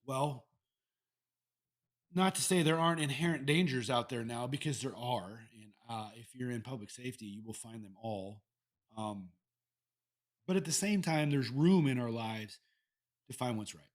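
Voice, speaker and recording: Candid, swearing podcast host. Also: male voice, mid-range voice, normal speed, long pauses. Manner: candid, profane, rambling with restarts. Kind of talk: casual solo podcast talk. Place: Iowa.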